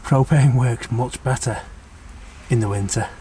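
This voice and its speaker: A man's voice: medium pitch, measured pace, warm tone, slight background noise. A man vlogging from a camper van, chatting casually and joking about himself in a dry way. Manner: dry, self-mocking jokes. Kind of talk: casual chat.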